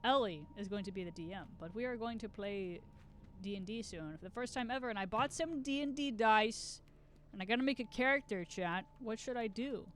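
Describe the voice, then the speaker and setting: A woman's voice: on the high side, fairly quick, a bit bright, a little hiss or hum. Rambling young woman streamer, slight Southern twang. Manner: rambling, jokey, swears freely. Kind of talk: casual gaming stream chat.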